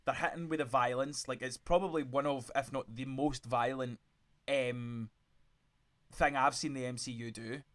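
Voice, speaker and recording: A man's voice: medium pitch, fairly even intonation, normal speed, fairly bright tone. A man hosting a casual podcast chat, arguing his side and cutting in with many restarts. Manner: argumentative, interrupts, many restarts. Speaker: podcast host.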